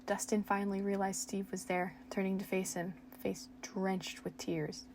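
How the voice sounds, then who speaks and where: A woman's voice: medium pitch, flat delivery, normal speed, a little mellow, a little hiss or hum. A young woman reading her old fan fiction aloud at home, making self-mocking asides and laughing at her own writing.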